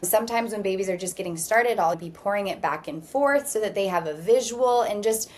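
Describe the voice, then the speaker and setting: Calm, reassuring woman practitioner guest. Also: mid-range voice, brisk. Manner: steady, reassuring, explains at length. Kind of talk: calm explanatory interview talk.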